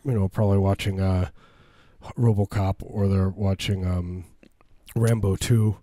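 A man's voice: sits low, fairly even intonation, measured pace, warm tone, no room sound, clean studio sound. A man in his thirties casually chatting and telling funny stories about his son, acting out quoted lines in a raised voice. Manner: jokey storyteller, acts out quotes in a raised voice. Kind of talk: casual comedic chat.

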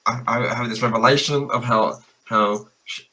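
A man's voice: mid-range voice, fairly even intonation, normal speed, bright, forceful tone, lightly acted, low-quality recording. A man playing a small male bard who stammers through earnest apologies.

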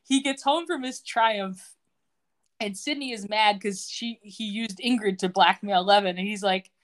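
This woman speaks at medium pitch and takes her time. Co-hosting a podcast, she chats casually through a TV episode recap, laughing a lot and quoting the characters in their voices.

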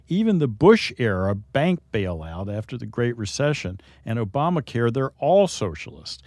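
A man's voice: medium pitch, darkish tone, no echo, clean studio sound. A man hosting a talk show and explaining a topic in a lightly teasing, instructive way. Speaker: host.

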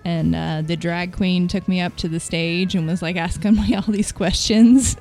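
A woman's voice: on the low side, steady tone, moderate pace, a little mellow, soft background music. A woman in casual chat, joking and candid and laughing often.

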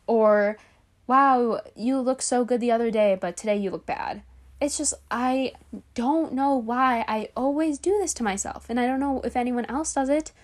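Chatty young woman podcast host. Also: on the high side. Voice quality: chatty, full of "like" fillers. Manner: candid, confessional storytelling. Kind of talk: casual podcast monologue.

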